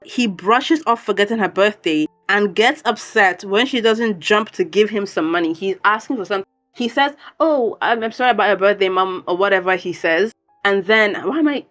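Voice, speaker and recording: A woman recording a casual spoken recap at home, chatty and animated, often breaking off with laughs and asides. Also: medium pitch. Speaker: video commentator.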